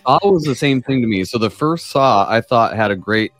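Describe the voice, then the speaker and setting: A man's voice: medium pitch, lively intonation, normal speed, fairly bright tone, no echo, faint music behind. A man hosting a casual group chat, rambling and laid-back, swearing freely.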